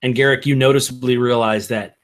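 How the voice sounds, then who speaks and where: A man narrating a tabletop game as game master, in slow, halting narration with fillers. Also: mid-range voice, fairly even intonation, fairly bright tone.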